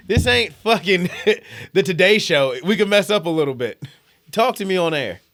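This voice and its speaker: A young man from New York City co-hosts a comedy podcast. He tells rambling, profane stories and keeps breaking into laughter, in a voice that sits a bit high. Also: normal speed. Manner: animated, laughing, profane storytelling. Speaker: podcast co-host. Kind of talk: casual chat, storytelling.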